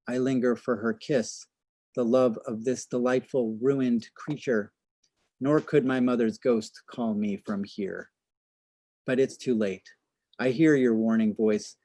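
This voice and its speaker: A man's voice: mid-range voice, dark tone, dry recording, natural voice. A man reading the part of a tormented young chairman of a feast, speaking in a defiant, impassioned way.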